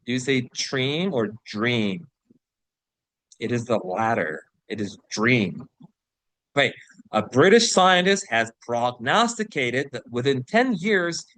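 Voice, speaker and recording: A man teaching an English vocabulary lesson, who explains words, reads example sentences aloud slowly and keeps checking in with "right?". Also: mid-range voice, very animated, a bit bright, dry recording. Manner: slows to read example sentences and passages aloud.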